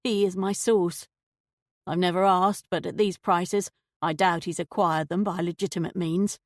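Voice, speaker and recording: A woman's voice: fairly low pitch, fairly even intonation, measured pace, dry recording, natural voice. A woman voices a mature shopkeeper woman caught out in a lie. She clings to a shaky fake French accent and answers with evasive indignation. The storybook reading sounds dry and close. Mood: frightened.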